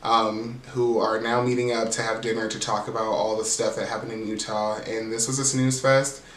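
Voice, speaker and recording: A man's voice: fairly low pitch, level tone, normal speed. Snarky guy recapping housewives, cusses a lot, kinda distant mic, echoey room, light hiss. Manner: sassy, profane, mimics cast members in raised voices. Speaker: reality TV recap host. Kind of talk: casual episode recap. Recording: roomy, off-mic sound with faint background hiss.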